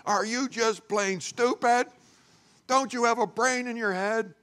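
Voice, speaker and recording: A man voicing his harsh, impatient farmer father, who yells scornful orders at a child. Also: sits high, fairly even intonation, brisk, pitched above the performer's own voice. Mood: angry yelling. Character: harsh, impatient male farmer father, middle-aged, shouting.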